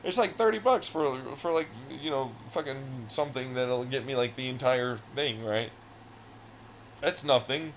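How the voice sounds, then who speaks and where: A man's voice: medium pitch, moderate pace, few pauses, slight background noise, low-quality recording. Rambling, profane young man streaming. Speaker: livestreamer. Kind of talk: casual stream chat.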